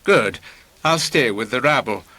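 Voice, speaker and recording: A man voicing a brisk, wry middle-aged gentleman with a Lowland Scottish accent. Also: lively intonation, dry recording.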